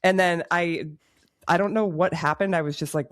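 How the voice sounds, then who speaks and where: A woman podcast co-host tells a story in a lively, self-mocking way and laughs in the middle of her sentences. Her voice sounds close and dry, with no room echo. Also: on the low side, moderate pace. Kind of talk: casual chat, storytelling.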